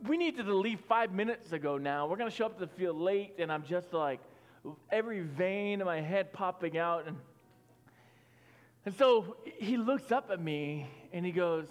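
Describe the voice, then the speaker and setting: A man in his thirties preaches a sermon with a fairly high voice, chatty and full of fillers. He rises to loud, pressing lines and then drops to near-whispered prayer. Soft music plays under him, and his voice rings through a big reverberant hall. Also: normal speed. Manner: conversational storytelling with fillers, swelling loud then dropping soft. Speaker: pastor.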